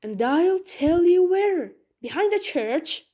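A woman's voice: extremely high pitch, sing-song, slow, warm tone, voice pushed up, full character voice. A woman voicing a male village butcher telling ghost tales emphatically. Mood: emphatic.

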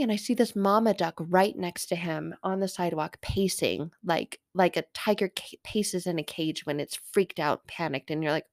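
A middle-aged woman and mother telling a personal faith story as a podcast host, rambling and animated and often correcting herself. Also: fairly low pitch, moderate pace, dry recording, studio quality.

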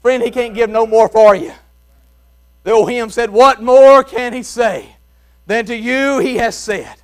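A man with a Mississippi accent preaching a sermon in folksy Southern speech, shouting some phrases and dropping to a hush on others. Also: very high voice, a little slow, clean tone. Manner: swings from shouting to hushed, soft tones; folksy Southern grammar, chuckles while preaching. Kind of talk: revival sermon. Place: church.

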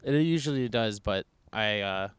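A man's voice: on the low side, animated, moderate pace, smooth, no room sound. A young man co-hosting a podcast outdoors, chatting casually, rambling and cutting himself off. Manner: rambling, self-interrupting, laughs easily. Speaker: podcast co-host. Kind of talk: casual chat.

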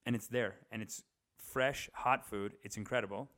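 A man's voice: lowish voice, fairly even intonation, moderate pace, fairly bright tone. Young man, casual vlog monologue, rambling, profane, chatty, filler-heavy, indoors at home. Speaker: vlogger. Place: indoors at his parents' house.

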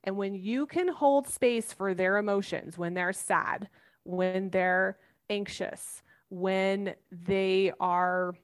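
A woman in her thirties, a mother answering interview questions earnestly and animatedly, acting out everyday examples. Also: mid-range voice. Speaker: parenting guest expert.

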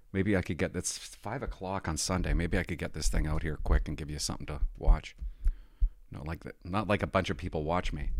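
A man's voice: low-pitched, dry recording, clean studio sound. A man hosting a podcast, talking in a rambling, self-deprecating casual monologue into a podcast microphone. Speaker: podcast host.

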